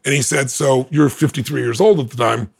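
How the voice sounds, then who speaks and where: The speaker, a man appearing as a guest on a podcast, animatedly recounts a personal experience. He laughs between lines and plays out other people's dialogue, speaking briskly in a medium-pitched voice that's gravelly and slightly rough.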